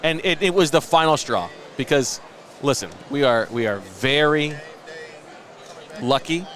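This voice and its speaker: A man's voice: a little high, animated, unhurried, fairly bright tone. A man in his late thirties hosting a podcast, telling long self-mocking stories in casual chat. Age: late 30s. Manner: rambling, self-mocking storyteller. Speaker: podcast host.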